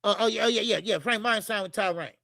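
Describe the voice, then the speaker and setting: A man hosting a casual boxing show, ranting heatedly and cursing, shouting at times. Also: high voice, fast, creaky, no room sound, studio quality. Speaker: boxing commentary show host.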